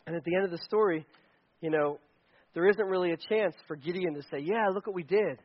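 A man preaching a sermon, telling a story in a lively, animated way and acting out the quotes. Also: sits high, highs cut off. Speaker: pastor.

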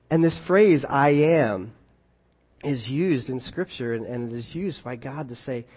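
A man preaching a conversational sermon, often restarting his phrases and swinging between quiet asides and emphatic points. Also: medium pitch, measured pace, husky. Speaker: pastor.

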